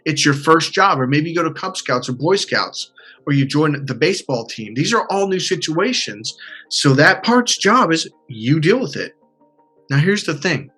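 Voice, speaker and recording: A man coaching a client in conversation, animated and acting out panicked inner voices. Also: fairly high pitch, moderate pace, breathy edge, soft background music.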